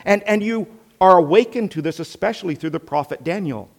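A man preaching a sermon with earnest rhetorical questions, swinging between loud emphasis and hushed tones. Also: sits high, animated, fairly quick, long reverb tail.

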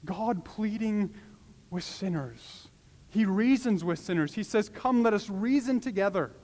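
Guy preaching a sermon, high voice, pleads hard, long echo like a church hall. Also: expressive, normal speed, darkish tone.

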